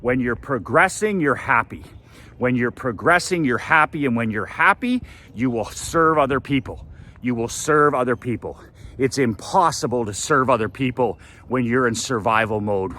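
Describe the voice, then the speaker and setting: A man's voice: medium pitch, fairly bright tone. A man giving a blunt, profane motivational rant as a business coach, hammering his points with repetition.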